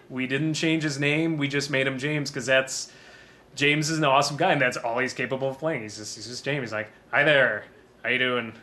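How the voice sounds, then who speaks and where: A man's voice: a little high, bright, forceful tone. A man giving a casual DVD commentary on his own film, rambling and self-deprecating and laughing often.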